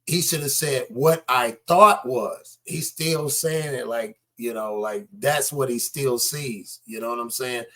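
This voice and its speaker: A man's voice: mid-range voice, measured pace, hardly any pauses, fairly bright tone. A man giving casual, skeptical commentary on news clips, talking straight to his viewers.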